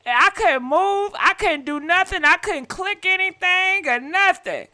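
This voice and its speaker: A high-pitched woman hosts a live call-in show. She talks slowly and chattily, with a bright, sharp tone. She keeps calling out to her callers and apologizing. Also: animated. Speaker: host.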